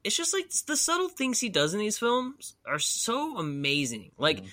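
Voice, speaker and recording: A man co-hosting a podcast, chatting casually about horror films in an animated way and laughing often. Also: high-pitched, normal speed, dry recording. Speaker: podcast co-host. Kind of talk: casual film chat.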